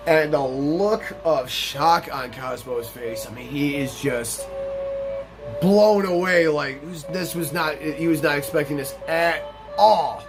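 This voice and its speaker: A man hosting a let's play, telling a profane work story in an animated, casual way and acting out what people said. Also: on the high side, slow, over music. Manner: animated, profane storyteller who acts out quotes. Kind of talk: storytelling over gameplay commentary.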